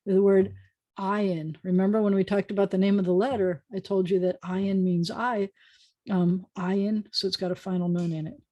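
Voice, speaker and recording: Woman, warm low-toned voice, rabbi teaching a Hebrew class, chatty, video call. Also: flat delivery, moderate pace. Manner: chatty, self-correcting, drawing letters as she explains. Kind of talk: online class lesson.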